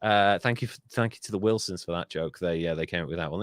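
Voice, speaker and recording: Jokey sweary podcast host. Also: male voice, low voice, fast talker, no echo. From England. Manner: swears freely, jokey, mimics people in silly voices. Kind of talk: casual podcast chat.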